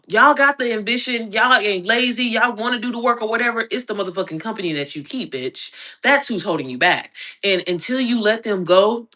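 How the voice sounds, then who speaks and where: A young woman from Indianapolis, coaching her viewers in a casual livestream rant. Her voice is bright, with medium pitch, and she is blunt, profane and preachy. She jumps into high, squeaky tones when she mimics others. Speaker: online business coach.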